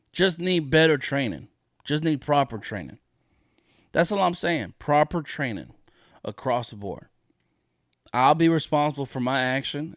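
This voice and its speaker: A man on a solo podcast, venting in a heated, profane rant that circles back on the same points again and again. His voice sits at an ordinary middle pitch, and the sound is close and dry, with no room around it. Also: fairly bright tone, no echo. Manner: profane, indignant, repeats his points for emphasis. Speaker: podcast host.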